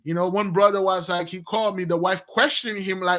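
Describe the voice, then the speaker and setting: A man delivering an animated preaching monologue, swinging between loud outbursts and low mutters. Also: fairly quick. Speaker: spiritual teacher.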